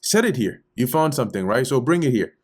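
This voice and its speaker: A man's voice: mid-range voice, moderate pace, lightly acted. A man voicing an exasperated grown shepherd who heatedly challenges his father-in-law in slangy, confrontational talk. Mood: indignant.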